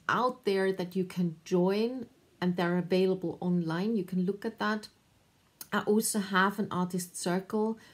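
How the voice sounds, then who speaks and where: A woman giving thoughtful, encouraging advice to camera, pausing often with fillers. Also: mid-range voice. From Austria. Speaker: artist and video creator.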